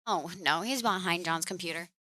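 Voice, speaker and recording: Bright-voiced woman streamer chatting. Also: fairly low pitch, brisk, no echo, clean studio sound. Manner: chatty, scolds and coos at her cat. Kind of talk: casual live-stream chat. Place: home room.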